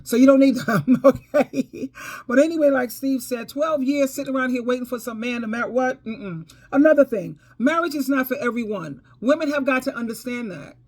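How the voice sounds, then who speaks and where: A woman's voice: high voice, normal speed, a little mellow. A woman giving casual storytime advice, preachy and emphatic, calling listeners baby and girl, and repeating herself for emphasis. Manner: repeats phrases for emphasis, laughs between points. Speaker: advice vlogger.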